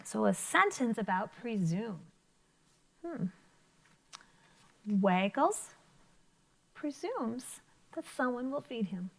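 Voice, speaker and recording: A woman elementary teacher leads children through a vocabulary lesson, encouraging them with praise and questions. She speaks slowly and very animatedly in a fairly high, gravelly voice, pausing often.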